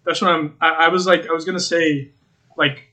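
A man's voice: fairly high pitch, a little fast. A young man co-hosting a podcast, telling stories in blunt, profane, casual banter. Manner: blunt, profane, lively storytelling. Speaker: podcast co-host.

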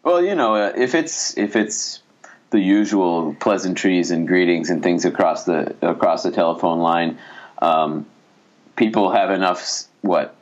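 Man, very low voice, relaxed, self-deprecating, patient explainer, video call, dull lo-fi audio. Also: unhurried. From United States. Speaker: guest, interpreter and TV host in Japan. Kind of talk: casual video-call interview.

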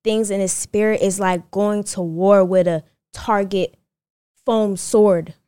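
A woman's voice: medium pitch, fairly even intonation, slow, warm tone, clear, resonant tone, no room sound. A woman co-hosting a casual podcast chat, emphatic, repeating her phrases for weight. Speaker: podcast co-host.

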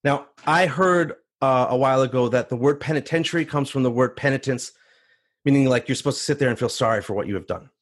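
A man telling a first-person story on stage, animated and acting out the voices of others. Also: mid-range voice, quick pace. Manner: animated, acts out voices in quotes.

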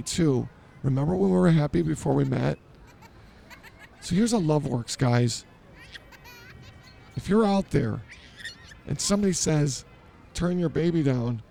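A man's voice: a little high, vocal fry, mellow, slight background noise. A man hosting an improvised comedy podcast, blustering and ranting in a mock-authoritative way. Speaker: podcast host.

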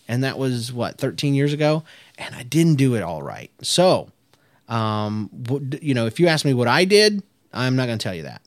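Man in his thirties, children's pastor, casual podcast chat, upbeat and rambling, mid-pitched voice, dry close mic. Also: dry recording. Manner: chatty, upbeat, many fillers and restarts.

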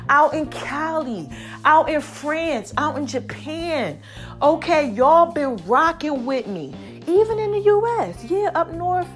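A woman hosting her podcast in a casual, animated monologue, a little short of breath and calling her listeners baby. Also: a little high. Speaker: podcast host.

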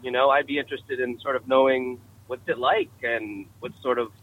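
A man's voice: medium pitch, fairly even intonation, brisk, slight background noise. A man talking casually with a friend over the hands-free phone in his car, friendly and hesitant, with fillers. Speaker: caller. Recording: muffled phone line from a car.

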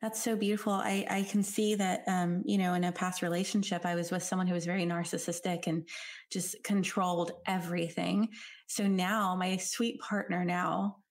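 A woman's voice: on the low side, flat delivery, normal speed. A woman hosting a podcast interview, talking in a reflective, conversational way with frequent fillers. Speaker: podcast host.

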